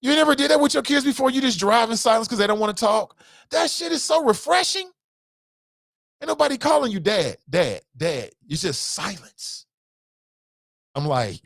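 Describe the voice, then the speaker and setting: A man's voice: extremely high pitch, expressive, moderate pace, fairly bright tone, dry recording. A male talk show host speaks in a casual, slangy way, swinging his voice up and down as he makes his points. He repeats himself for emphasis and laughs easily. The sound is dry and close to the mic. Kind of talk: call-in show commentary.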